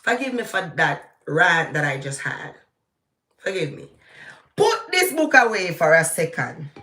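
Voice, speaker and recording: A middle-aged Jamaican woman with a Jamaican accent, giving heated live political commentary that swings between slow, emphatic outbursts and quick asides in patois. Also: on the low side, echoey room. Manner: animated, ranting, shifting into patois. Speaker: vlogger.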